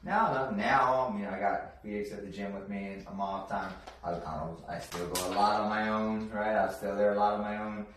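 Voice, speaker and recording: A man's voice: on the low side, normal speed, hardly any pauses. Man in a very echoey room, far from the mic. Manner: animated storytelling with frequent restarts and repeated words. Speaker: professional boxer and trainer. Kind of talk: casual podcast interview. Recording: very echoey room, distant mic, faint noise.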